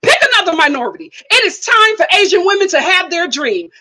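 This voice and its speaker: A woman hosting her own live-stream reaction show, talking in a blunt, animated, exclaiming way and reading out viewer comments. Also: very high-pitched, fast, few pauses, poor audio. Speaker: YouTube host.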